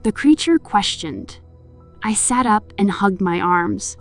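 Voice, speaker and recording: Music plays under this horror narration by a woman whose voice sits on the low side. Her pace is measured, and she turns emotional when speaking the heroine's desperate pleas.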